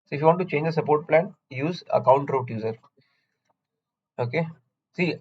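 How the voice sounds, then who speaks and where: A man's voice: mid-range voice, a little fast, long pauses, dull audio, a little hiss or hum. A man teaching a certification course, chatty, asking and answering his own questions with homely analogies. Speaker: instructor. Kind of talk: recorded certification lecture.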